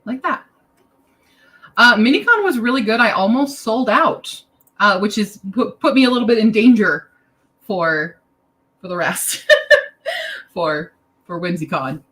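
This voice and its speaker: A woman's voice: mid-range voice, lively intonation, unhurried, long pauses, a bit bright, low-quality recording. A tired young woman teaching a casual online lesson, chatty and self-deprecating, wandering into side remarks. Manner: chatty, self-deprecating, drifts into asides and laughs. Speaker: language teacher.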